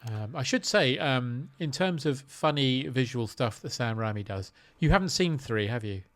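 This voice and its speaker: A man's voice: medium pitch, lively intonation, moderate pace, fairly bright tone. A man hosting a podcast, recapping a film in casual chat with dry, jokey asides. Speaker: podcast host.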